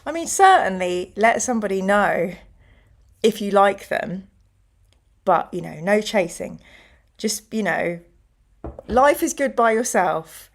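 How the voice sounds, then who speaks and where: A woman's voice: mid-range voice, expressive, slow pace, creaky, pauses often. Chatty middle-aged woman host. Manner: chatty storyteller who acts out quoted voices. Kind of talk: casual chat.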